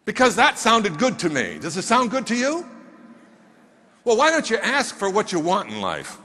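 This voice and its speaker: A man giving an animated motivational speech from a stage, emphatic and firing questions at the audience. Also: high voice, moderate pace. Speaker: motivational speaker. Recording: long hall reverb on stage.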